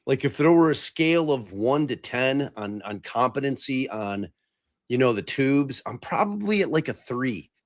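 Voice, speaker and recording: Running a casual live stream, this middle-aged podcast host swears liberally and mocks himself as he struggles with the tech. He speaks at a moderate pace with lively intonation in a medium pitch, and the sound is close and dry.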